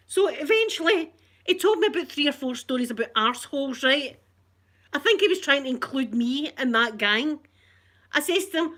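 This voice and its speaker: A Glaswegian woman in middle age, recording herself at home on a phone, recounting a run-in with animated, indignant energy. Her voice sits a touch high and she laughs often through the telling. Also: brisk. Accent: Scottish, Glasgow. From Scotland. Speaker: vlogger. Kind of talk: casual storytelling to camera. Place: at home, in a living room.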